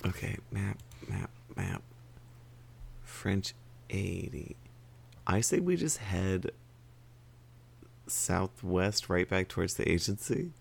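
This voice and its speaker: Very low, gravelly male player. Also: animated. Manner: rambling, quick asides, swears. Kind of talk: casual tabletop play.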